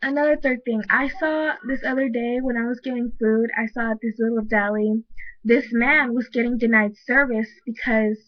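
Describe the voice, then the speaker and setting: A woman's voice: on the high side, fairly even intonation, moderate pace, dry recording. A woman from the United States ranting emphatically to camera in a casual vlog, filling her talk with "like" as she argues her point. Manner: says "like" constantly, heated and emphatic. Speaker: vlogger. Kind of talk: casual opinion rant to camera. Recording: dull lo-fi webcam audio, dry.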